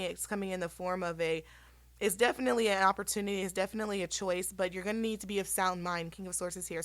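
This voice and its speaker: A woman hosting a casual tarot reading, chatty and rambling with many ums, her voice slightly hoarse. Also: fairly low pitch, a bit bright, no room sound. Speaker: tarot reader and channel host.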